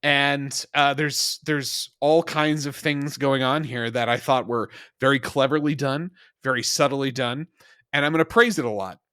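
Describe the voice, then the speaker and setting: A man co-hosting a podcast in casual chat, animated and emphatic, laughing often. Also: medium pitch, measured pace, clean tone, no echo, studio quality. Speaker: podcast co-host.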